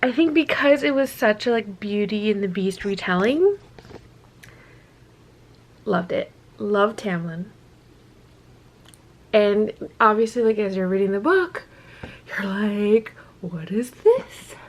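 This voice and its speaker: A tired woman chatting casually to camera in a vlog, gushing and rambling with fillers and soft whispered asides. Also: mid-range voice, animated, slow pace, pauses often. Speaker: vlogger.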